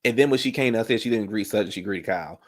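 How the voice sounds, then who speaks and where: A man's voice: fairly low pitch, quick pace. Sassy man recapping reality TV. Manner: animated, sassy, laughs often. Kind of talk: casual reaction commentary.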